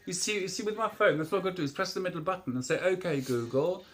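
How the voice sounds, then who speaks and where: A man's voice: high voice, racing, fairly bright tone. A man in his fifties, a vlogger rambling through a casual show-and-tell of a new gadget, hesitant and full of restarts.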